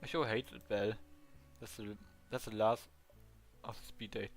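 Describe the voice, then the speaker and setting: Excitable German streamer man. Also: on the low side, normal speed, faint music behind. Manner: loud excitable reactions, swearing. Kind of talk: let's play commentary.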